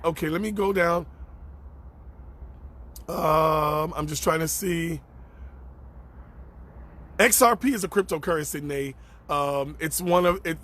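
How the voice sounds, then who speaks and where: A man ministers on a live stream, reading out viewer comments and answering them in a preacherly manner, repeating phrases for emphasis and greeting viewers by name between thoughts. His voice is a little high and a bit bright.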